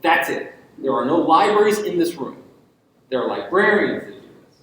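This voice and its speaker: An invited university lecturer, a man with a slightly high, a bit bright voice, speaks at normal speed with lively intonation. His public lecture is emphatic, full of rhetorical questions and ironic asides. It's recorded in an echoey lecture hall with a little hiss or hum.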